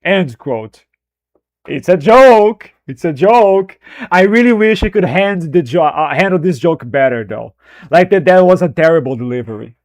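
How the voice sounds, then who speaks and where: A man's voice: medium pitch, no room sound. A man chatting casually on a live stream while editing video, rambling and self-deprecating, often breaking into laughter.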